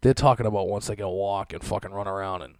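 A man's voice: low voice, fairly even intonation, quick pace, clear, resonant tone, no echo. A young man hosting a podcast, ranting in a casual, sarcastic way, swearing often and laughing at his own lines. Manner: profane, laughing, sarcastic rant. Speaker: podcast host.

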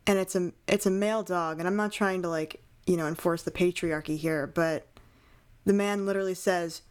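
Young woman, animated podcast co-host. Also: on the low side, moderate pace, smooth. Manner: animated, incredulous, many fillers. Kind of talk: casual chat reviewing a movie.

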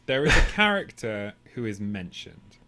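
A man's voice: fairly low pitch, very animated, a little slow, pushed and bright. A man co-hosting a podcast, talking casually in long rambling, tangential stretches with the odd swear. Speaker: podcast co-host. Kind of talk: casual chat.

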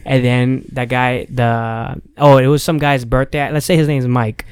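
Smooth-voiced young man telling a story. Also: mid-range voice, fairly even intonation, measured pace, no room sound, studio quality. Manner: loose, rambling storyteller who acts out quotes. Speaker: stand-up comic. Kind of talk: casual storytelling chat.

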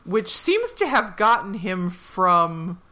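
Woman podcast co-host, forceful bright voice, animated casual recapper who acts out the characters' lines. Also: mid-range voice. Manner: animated, quotes characters in quick put-on voices. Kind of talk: casual episode recap chat.

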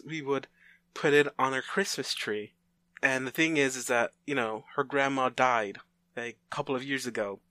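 Bright-voiced man rambling through a story. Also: mid-range voice, dry recording. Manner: rambling, many fillers and restarts, briefly voicing characters in quotes. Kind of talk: casual retelling of an invented story plot.

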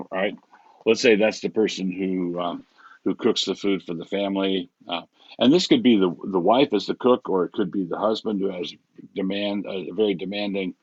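Man, pastor, husky voice, podcast chat, halting, slightly muffled sound. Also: deep voice, dry recording. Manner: halting, many restarts, chuckles at his own examples. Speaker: pastor and guest author. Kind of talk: casual podcast conversation.

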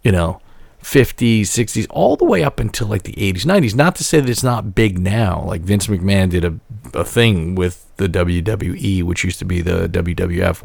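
A man in his forties rambling and swearing through casual podcast chat, his stories loose and animated. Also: lowish voice, vocal fry, slightly rough, no room sound. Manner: rambling, profane, animated storytelling. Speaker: podcast co-host.

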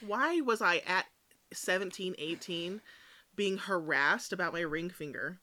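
A bright-voiced, sympathetic woman. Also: lowish voice, animated, unhurried. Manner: sympathetic, chiming in with agreement. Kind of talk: casual chat.

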